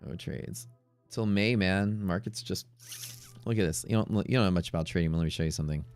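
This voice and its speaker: A man's voice: low-pitched, brisk, darkish tone, clear, resonant tone, faint music behind. A man hosting a day-trading livestream, chatting in a laid-back, joking, slangy way. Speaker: day-trading streamer host. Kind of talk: casual livestream chat.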